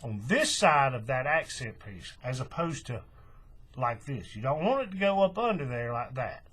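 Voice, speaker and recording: A man explaining a craft step by step in a relaxed, folksy way. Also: medium pitch, normal speed, husky. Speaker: craft tutorial host. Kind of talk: hands-on tutorial walkthrough.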